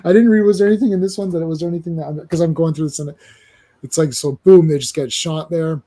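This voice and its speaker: Man, husky voice, casual comic chat, animated, playful voices. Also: a little high, fast talker. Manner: animated, acts out comic dialogue in silly voices. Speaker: podcast host.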